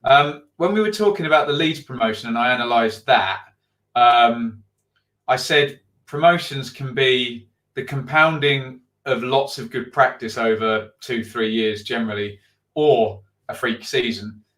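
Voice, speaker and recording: A man's voice: mid-range voice, measured pace, a bit bright. A middle-aged man hosting a live football stream, reading out viewer comments and thinking aloud with frequent ums. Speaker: football channel host.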